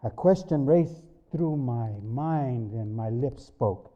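A man giving a spoken religious testimony, slow and measured, his voice swinging up and down with emotion. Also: mid-range voice, expressive. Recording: dull lo-fi recording.

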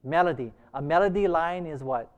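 A man's voice: on the high side, normal speed, clean tone, lo-fi sound. A man leading an interactive Bible class, asking the group many short questions. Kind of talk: interactive church class discussion.

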